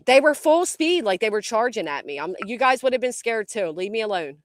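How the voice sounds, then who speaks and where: A woman's voice: on the high side, sing-song, a little fast, no room sound, clean studio sound. A woman hosting a casual commentary livestream outdoors by a tree, jumpy and swearing a lot as she talks to her chat.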